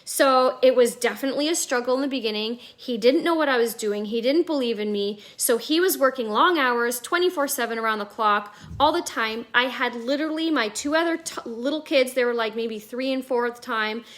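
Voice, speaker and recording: A woman telling her own story at home on a live video, chatty and animated, with a lot of "like". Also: fairly high pitch, brisk, hardly any pauses. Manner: chatty, animated, many fillers like "like". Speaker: network marketing vlogger. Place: at home indoors, near a staircase. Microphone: live video call.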